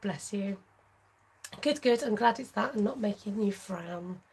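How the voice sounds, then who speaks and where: A woman hosting a casual livestream craft tutorial, chatting warmly with viewers and laughing often. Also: mid-range voice, measured pace, husky, low-quality recording. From United Kingdom. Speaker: craft channel host.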